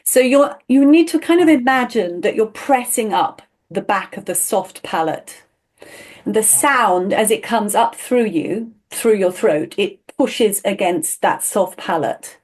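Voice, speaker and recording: A woman's voice: mid-range voice, animated, a little slow, darkish tone. A woman teaching a one-on-one voice lesson, explaining with enthusiasm and laughing often.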